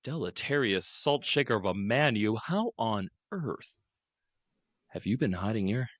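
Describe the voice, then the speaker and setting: A man's voice: fairly low pitch, big pitch swings, measured pace, a bit bright, dry recording, heavily acted. A man voicing a sleazy, smarmy young male charmer and thief in a sing-song way.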